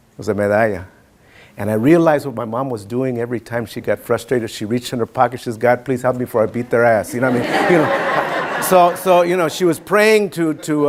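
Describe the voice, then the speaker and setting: A man giving a keynote speech, telling personal stories in a relaxed, chatty way with many fillers. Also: medium pitch. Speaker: keynote speaker.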